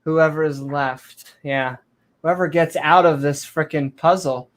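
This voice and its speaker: Playful, unhurried woman co-host. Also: a bass voice, steady tone. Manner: playful, teasing, joking asides. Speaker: podcast co-host. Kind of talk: comedic podcast banter.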